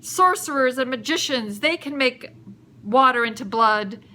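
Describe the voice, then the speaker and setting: A woman's voice: sits high, lively intonation, a little slow, sharp tone, pitched below the performer's own voice, exaggerated voice. A woman voicing a stubborn pharaoh king who speaks in a dismissive, haughty way. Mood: scornful.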